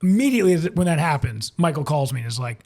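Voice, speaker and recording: A comedian and former radio host from Minnesota tells casual stories as a guest on a podcast, animatedly acting out other people's lines in quoted voices. He talks fast at a fairly high pitch.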